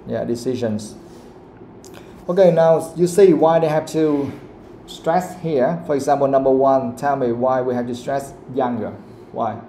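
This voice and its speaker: A man teaching a live English pronunciation lesson, asking the class the same question again and again and saying the example sentences slowly. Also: medium pitch, mellow. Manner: asks questions again and again, quotes the audio slowly. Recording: echoey room, faint background noise.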